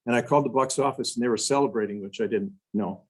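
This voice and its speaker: An older man from Wisconsin giving a storytelling talk to a club, animated and full of restarts and asides. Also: mid-range voice, quick pace, breathy edge, rough recording. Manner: animated storyteller, acts out quotes, frequent "you know" and restarts. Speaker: guest speaker.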